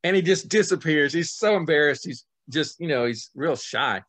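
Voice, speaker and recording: A middle-aged man, an author, telling a story in an animated way, swinging between loud and soft as he acts out the scenes. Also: a little high, normal speed. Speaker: author guest.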